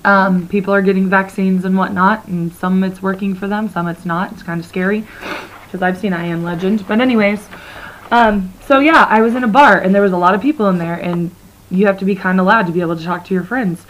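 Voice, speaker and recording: A young woman co-hosting a podcast in rambling casual chat, her voice slightly hoarse and froggy. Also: medium pitch, fairly even intonation, a little fast, rough recording. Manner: rambling, chatty, laughs often. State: slightly hoarse, froggy from talking loudly at a bar. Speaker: podcast co-host.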